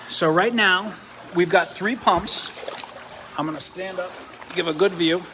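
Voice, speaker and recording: A man's voice: sits high, a little slow, pauses often, pushed and bright, slight background noise. A man hosting a live product demo beside a swim spa, chatty, explaining as he goes with restarts. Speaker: host and triathlon coach.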